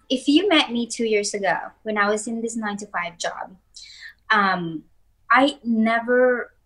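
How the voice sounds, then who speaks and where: A woman guest speaking earnestly in a relaxed chat about self-growth, often restarting her sentences. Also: a little high, rough recording. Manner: earnest, repeats words when starting sentences. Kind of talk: casual motivational chat.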